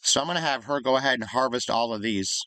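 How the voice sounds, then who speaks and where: A man's voice: mid-range voice, fast talker, sharp tone, no echo. A man casually commenting on his life-sim gameplay, thinking aloud in an easygoing, chatty way. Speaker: gaming YouTuber.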